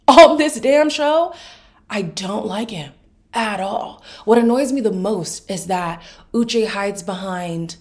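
A woman with a deep morning voice giving casual, opinionated commentary on a reality show to her channel's viewers. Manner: opinionated, sassy, emphatic. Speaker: recap vlogger.

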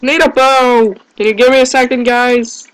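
A man's voice: very high voice, fairly even intonation, moderate pace, a bit bright, clear, resonant tone, poor audio. A man giving gameplay commentary, yelping in panic and groaning at his own mistakes. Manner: panicky yelps and self-deprecating groans. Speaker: let's play gamer.

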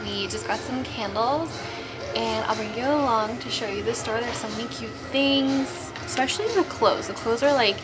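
Bubbly young woman vlogging, fairly high voice. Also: normal speed, music in the background, poor audio. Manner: bubbly, chatty, full of "like" and "so cute". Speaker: lifestyle vlogger. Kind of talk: casual chat to camera.

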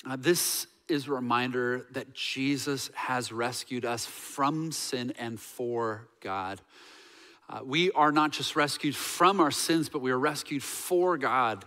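A man's voice: mid-range voice, slow pace, sharp tone. Earnest male pastor in a reverberant hall. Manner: earnest preaching with hesitant fillers and repeated words. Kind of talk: sermon. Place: church sanctuary.

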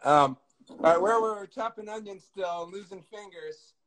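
The audio is poor, with a little hiss or hum, as a man with a high voice speaks at a moderate pace. He's the guest cook on a live video call, making casual conversation and self-mocking jokes while cooking. Leaning in makes him loud.

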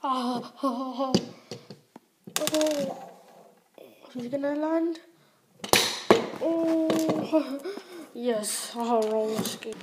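A woman's voice: high-pitched, drawn-out words, long pauses, heavy background noise. A woman making a homemade toy video, chatting casually and giggling while she plays. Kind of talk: casual commentary while playing.

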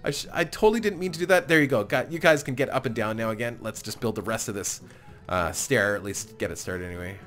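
A man's voice: medium pitch, fast talker, fairly bright tone, soft background music. A man hosting a let's-play, chatty and self-mocking, often apologizing and laughing as he plays. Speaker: gaming channel host. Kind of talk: casual let's-play commentary.

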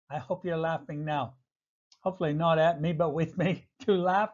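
Man, English teacher, very slow, repeats each word, muffled lo-fi audio. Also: a little high, darkish tone. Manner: repeats each word slowly and clearly, light chuckles. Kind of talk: slow vocabulary lesson for learners. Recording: dull lo-fi audio.

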